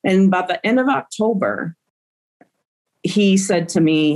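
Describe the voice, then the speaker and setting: A woman's voice: fairly low pitch, animated, measured pace, long pauses, a little mellow. A middle-aged woman, a grieving mother, recounting events in an interview with emotion and acting out quoted dialogue.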